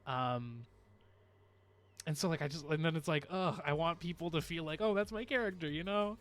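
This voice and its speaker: A man's voice: a little high, normal speed, fairly bright tone. A man streaming live, chatting casually and rambling to his viewers with frequent laughs.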